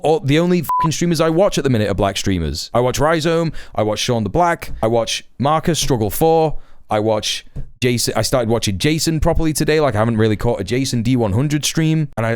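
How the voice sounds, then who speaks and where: Male streamer, emphatic and earnest, smooth clear voice, close dry mic, frequent "you know"s. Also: medium pitch, dry recording. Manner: earnest, emphatic, lots of fillers and restarts. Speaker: Twitch streamer. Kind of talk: livestream commentary.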